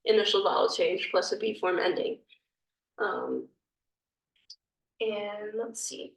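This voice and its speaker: A woman talks slowly through a grammar lesson, often pausing to think aloud and searching for a better way to explain. Her voice sounds roomy and a little distant from the mic. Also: mid-range voice, steady tone. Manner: thinking aloud, hesitant, apologetic. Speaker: language teacher.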